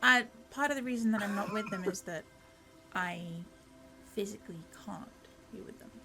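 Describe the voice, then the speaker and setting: A woman's voice: medium pitch, normal speed, gravelly, over music, rough recording. A woman running a tabletop game podcast as game master, chatty and often drifting off topic.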